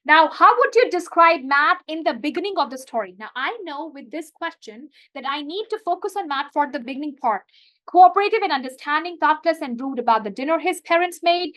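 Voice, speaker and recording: High-voiced woman tutor teaching live. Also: fairly bright tone. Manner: chatty and explanatory, with many asides. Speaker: English tutor. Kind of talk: live online lesson.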